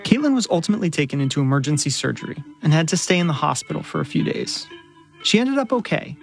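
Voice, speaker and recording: A woman reporter narrating a radio news story in a measured, clear storytelling voice. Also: deep voice, big pitch swings, soft background music.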